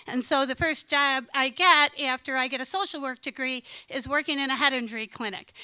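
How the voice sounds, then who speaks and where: A middle-aged woman tells a true story on stage. She is chatty and frank. Her voice sits high and sounds bright, smooth and clear, with a dry, close sound. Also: no room sound, low-quality recording. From Chicago, USA. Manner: chatty and frank, quotes people in dialogue. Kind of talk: live personal storytelling. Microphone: stage microphone.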